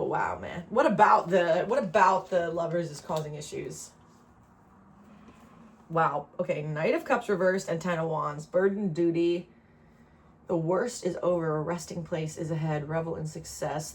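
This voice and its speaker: A woman with a New Jersey accent giving a casual tarot reading straight to the viewer, chatty and laughing often. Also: mid-range voice. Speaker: tarot reader.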